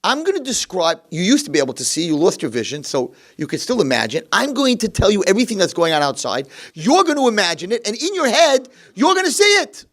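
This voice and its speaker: A man's voice: a little high, wildly swooping pitch, fast, hardly any pauses, voice pushed up. A man voicing a kind, upbeat old man in a wheelchair who talks with coaxing enthusiasm. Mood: eager.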